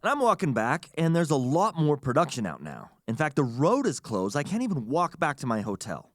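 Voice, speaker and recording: A man's voice: a little high, fairly quick, dry recording, studio quality. A man from the United States hosting a podcast, telling a long story in a casual, chatty way and acting out the people he quotes. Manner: animated, chatty, acts out quotes. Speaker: podcast host.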